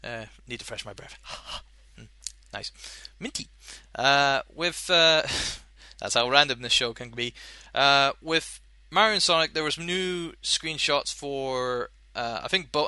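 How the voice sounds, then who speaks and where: A man's voice: mid-range voice, a little slow, bright, forceful tone, clean tone, no echo. A young man hosting a podcast, rambling in a casual chat with many fillers and restarts while chewing gum. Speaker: podcast host.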